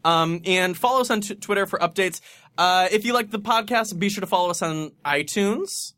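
A man's voice: high voice, moderate pace, sharp tone, dry recording. A man co-hosting a podcast in playful, joking casual chat, with theatrical asides. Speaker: podcast co-host.

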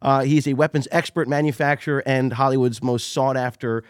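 A man of middle pitch who speaks with careful, deliberate diction and shrugs off his brothers' teasing. His voice is close and dry, with no room sound. He co-hosts in relaxed banter. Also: no echo. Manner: mock-defensive, measured diction. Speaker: podcast co-host. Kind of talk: joking banter among brothers.

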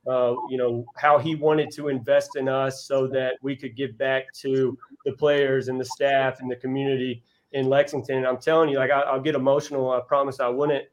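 A man's voice: medium pitch, a little hiss or hum, low-quality recording. A man who is a college basketball coach, guesting on a podcast and telling earnest, heartfelt stories with frequent restarts. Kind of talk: casual interview storytelling.

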